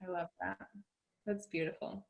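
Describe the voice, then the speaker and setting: A woman's voice: fairly low pitch, fairly even intonation, normal speed, vocal fry, low-quality recording. A woman leading a group mindset session over a video call, encouraging and emotional, laughing often.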